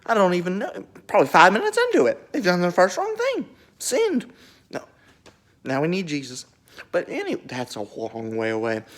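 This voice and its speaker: A young vlogger cracking jokes through a bible retelling, the pitch bouncing widely. the delivery rambles with plenty of asides, and the tone is animated and playful. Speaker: video creator.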